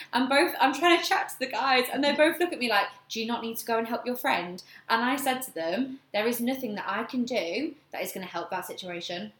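A young woman with a bright, fairly high voice tells a story in a relaxed chat, laughing often as she goes. The sound is roomy and echoey. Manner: animated, laughs often while telling the story. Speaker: podcast co-host. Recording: echoey room.

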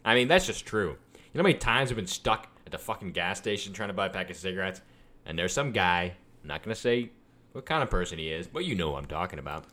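A man with a very low voice and lively swings in pitch co-hosts a podcast in crude, joking banter. He often jumps into loud, silly high-pitched bits, and the big bare room echoes around him. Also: fast talker. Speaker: podcast co-host.

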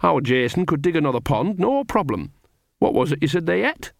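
A man's voice: fairly high pitch, big pitch swings, a little fast, gravelly, dry recording, clean studio sound, pitched above the performer's own voice. A man voicing a cheerful, earthy old woman witch with a blunt, coarse way of talking.

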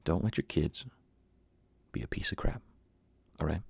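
A young man hosting a podcast, telling a rambling story in a casual, animated way with mocking asides. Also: extremely low pitch, a little slow, gravelly, slightly rough, no room sound. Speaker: podcast host.

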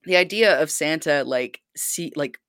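Podcast cohost, gravelly creaky voice, dry close mic, animated exasperated rants. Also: mid-range voice, a little slow, dry recording. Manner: animated storytelling, exasperated and swearing. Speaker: podcast co-host. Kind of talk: casual podcast chat.

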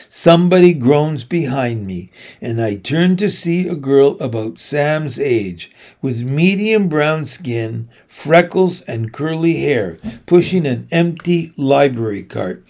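A man reading a children's novel aloud in a steady, unhurried way. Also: fairly high pitch. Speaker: reader.

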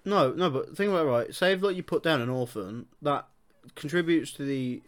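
A young man hosting a podcast in casual chat, loud, swearing and laughing often. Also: on the high side, a little fast. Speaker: podcast host.

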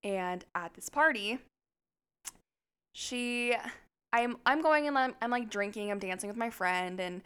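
A woman co-hosting a podcast, telling a story in an animated, chatty way and swearing freely. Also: on the high side, a little slow, long pauses, clear, resonant tone. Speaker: podcast co-host. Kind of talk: casual storytelling chat.

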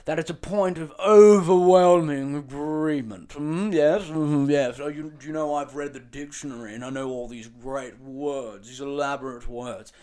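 A man's voice: on the high side, normal speed, few pauses, mellow, clean tone, close to an everyday voice. A man putting on the voice of a smug, pompous male journalist, drawn out and mocking.

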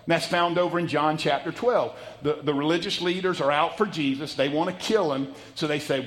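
Male pastor, folksy sermon delivery, higher-pitched voice, dramatic loud-soft swings. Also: fairly even intonation, fairly quick, hardly any pauses. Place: church sanctuary.

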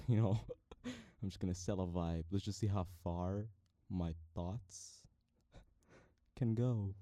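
A young man rambling playfully while testing a microphone, now and then breaking into loud shouts. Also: low-pitched, big pitch swings, slow pace, no room sound. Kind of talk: casual mic-testing rambling.

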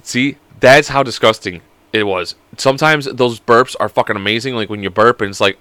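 A man's voice: medium pitch, a little fast, bright, forceful tone, no echo. A young man hosting a casual solo podcast, joking around, rambling and swearing a lot. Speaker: podcast host.

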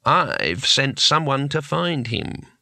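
A man reading an audiobook, voicing a calm, decisive senior male wizard who speaks firmly. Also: medium pitch, slow, vocal fry, no echo, studio quality, heavily acted. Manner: calm, firm.

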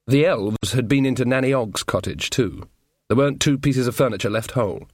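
A man giving scripted audiobook narration in an even, measured way. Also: on the low side, no room sound, clean studio sound.

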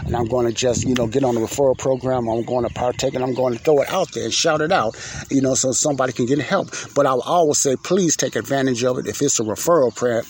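A man's voice: mid-range voice, quick pace, a little hiss or hum. A man hosting his own podcast, giving casual, faith-filled advice in a folksy, preacherly way and repeating phrases for emphasis. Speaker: podcast host.

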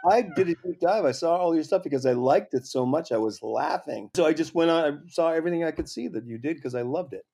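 A man's voice: fairly high pitch, lively intonation, quick pace, creaky, few pauses, dark tone, breathy edge. A man hosting a casual chat, swearing freely and eagerly egging his guest on. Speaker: podcast host.

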